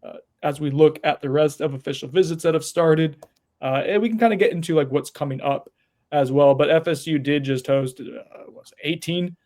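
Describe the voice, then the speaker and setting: A man's voice: fairly high pitch, moderate pace, darkish tone. A man hosting a sports podcast, leading the casual chat in a playful, talkative way. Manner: chatty, playful, leads the talk. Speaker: podcast host.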